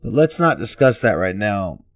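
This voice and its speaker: A man's voice: lowish voice, sing-song, normal speed, gravelly, no room sound. A man hosting a casual interview, asking questions in a joking, mock-formal way. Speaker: host. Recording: tinny phone-like line.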